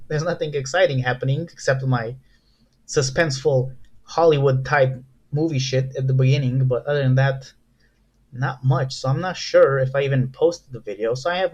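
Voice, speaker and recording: A man's voice: mid-range voice, a little mellow, muffled recording. A young man casually rambling through a card unboxing, profane and self-mocking. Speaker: vlogger.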